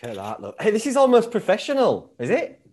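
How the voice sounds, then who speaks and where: A man's voice: high-pitched, huge pitch swings, fast talker, darkish tone. A man hosting a podcast, bantering casually over a video call. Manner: banterous, joking, swears casually. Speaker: podcast host.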